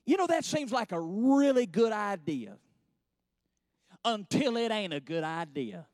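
A man's voice: sits high, sing-song, measured pace, darkish tone, dry recording, studio quality. A man, preaching a sermon in a church with folksy storytelling that rises to fervent passages.

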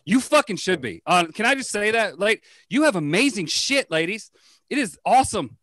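A man's voice: high-pitched, very animated, fairly bright tone, no echo. Profane stand-up comic man, dry sound. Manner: crude, profane, quick riffing. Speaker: stand-up comedian. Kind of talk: stand-up comedy set.

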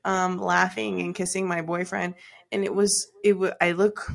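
A woman's voice: fairly low pitch, little pitch movement, moderate pace, creaky. A young woman in her twenties from Dallas, hosting a podcast and telling a story in casual chat, full of ums and laughs. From Dallas, Texas. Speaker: podcast host.

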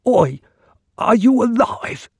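A man's voice: sing-song, slow pace, breathy edge, no echo, studio quality, full character voice. A man voicing a dull-witted young male slave in a simple, blunt voice while reading a story aloud. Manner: simpleton's voice, high and loud.

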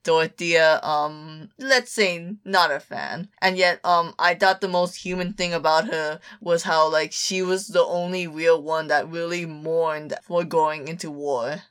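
A young woman talks casually as a podcast co-host, her voice sitting a bit low. She is blunt and opinionated, cursing now and then. Her sentences stop and restart around frequent ums. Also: fairly even intonation, a little slow, hardly any pauses, a bit bright, smooth. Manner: opinionated, swears, many fillers and restarts. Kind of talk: casual chat about video games.

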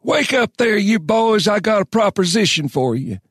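A man voicing an ancient, wheezing old man from another planet, with a harsh, gravelly voice and a slow, folksy drawl. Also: high voice, big pitch swings, no room sound, clean studio sound, pitched above the performer's own voice, exaggerated voice.

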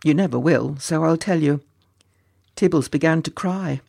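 A children's storyteller reading aloud in a mid-range, gravelly voice. The reading is playful, with chatty asides that tease and address the young listeners directly. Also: medium pitch, normal speed, a little mellow. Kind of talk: storybook narration.

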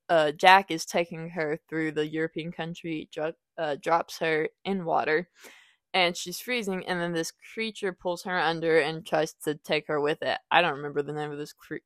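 A young woman hosting a casual podcast book review, rambling and correcting herself as she retells the plot. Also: no room sound. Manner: rambling, self-correcting, acts out quoted lines in a higher voice.

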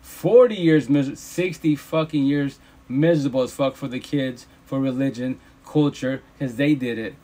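Guy ranting on a phone livestream, cursing, repeating himself, normal pitch. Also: moderate pace, mellow. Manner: emphatic, profane, repeats himself. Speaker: livestream host. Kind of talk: casual preachy rant.

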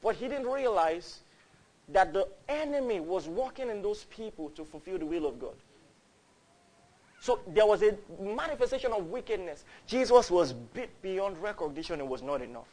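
A man's voice: sits high, animated, moderate pace. A man, preaching a fervent, storytelling sermon. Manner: fervent, builds to loud cries, storytelling.

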